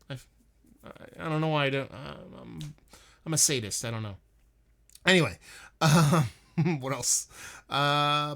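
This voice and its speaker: A man's voice: medium pitch, a bit bright. A young man hosting a casual beer livestream, rambling with lots of swearing while he reads out and answers chat comments. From northeastern United States.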